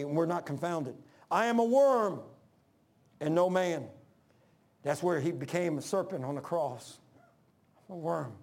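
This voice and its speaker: A man preaching a sermon, emphatic, calling out to the congregation and dropping to hushed lines between loud peaks. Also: sits high. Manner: calls for congregation responses.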